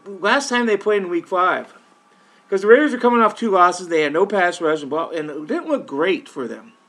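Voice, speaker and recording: A man's voice: a little high, fairly bright tone. A man hosting a sports podcast, talking casually and opinionated straight to his listeners, with frequent restarts. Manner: frequent restarts and repeated words. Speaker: podcast host covering a football team. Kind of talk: casual sports talk monologue.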